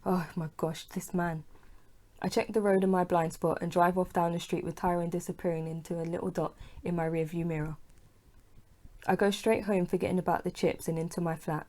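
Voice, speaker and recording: A woman narrating her own novel as an audiobook, in a lowish, warm voice. She reads steadily in the first person, giving the lines a little feeling. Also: a little fast. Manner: plain, steady reading, dialogue voiced with mild feeling.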